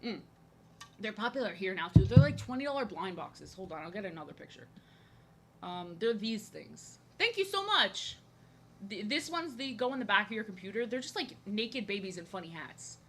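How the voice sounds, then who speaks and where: This streamer and artist, a young New Jersey woman, talks in a brisk, animated, mid-range voice as she draws live. Her casual chat wanders, full of fillers and false starts, and she's blunt and somewhat crude. Slight background noise is present.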